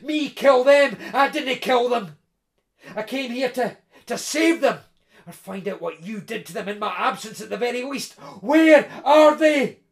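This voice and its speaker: A man reading aloud who voices a desperate, enraged male intruder in a storybook thriller, shouting and snarling his lines. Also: high-pitched, fast talker, creaky, few pauses, heavily acted. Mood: frantic.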